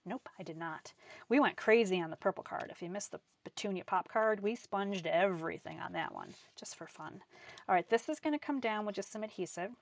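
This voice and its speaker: A woman's voice: medium pitch, lively intonation, fairly quick, vocal fry. Chatty woman teaching a card class. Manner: chatty and enthusiastic, narrating each step aloud. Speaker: card-making instructor. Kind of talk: live craft class demonstration.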